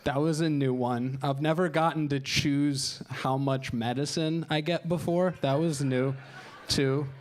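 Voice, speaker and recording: A man's voice: on the high side, steady tone, unhurried. A man doing a stand-up comedy set on a club stage, telling wry, self-deprecating stories into a handheld mic and acting out other people in raised voices.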